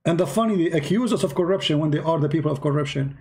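A man's voice: a little high, rapid-fire, darkish tone. A man giving heated, mocking commentary in broken English, scolding and repeating himself. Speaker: host reacting to a video.

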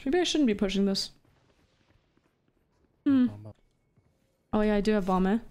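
A woman's voice: medium pitch, animated, unhurried, darkish tone. A woman from Canada, chatting casually on a live stream while gaming, playful, swearing, laughing and reading chat aloud. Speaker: VTuber streamer.

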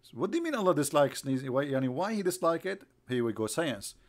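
A man's voice: fairly high pitch, very animated, fast talker. A man hosting a live online broadcast, mocking his subject with sarcastic rhetorical questions, repetition and bursts of laughter. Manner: rhetorical, repeats himself.

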